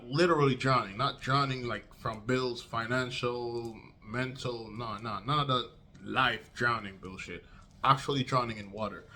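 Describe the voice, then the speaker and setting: A young man vlogging a casual storytime, slangy and swearing, acting out quotes with big jumps in pitch. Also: normal speed, bright, forceful tone.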